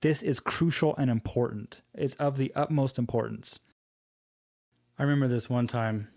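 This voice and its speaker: A man giving a devotional teaching, telling a personal story slowly and earnestly and quoting scripture. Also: mid-range voice, gravelly, darkish tone. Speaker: preacher.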